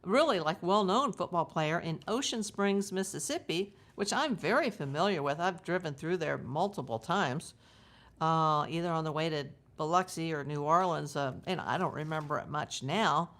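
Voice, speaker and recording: A woman's voice: sits low, animated, moderate pace, a bit bright. A woman from the United States hosting a true crime livestream, chatting casually and drifting into side stories as she talks to her viewers. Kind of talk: live casual commentary.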